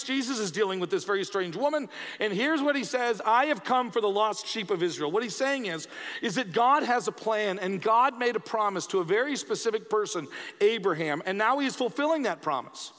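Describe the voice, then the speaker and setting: Male pastor, high voice, conversational sermon delivery with repeated emphasis; long hall reverb. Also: lively intonation, fairly quick, a bit bright.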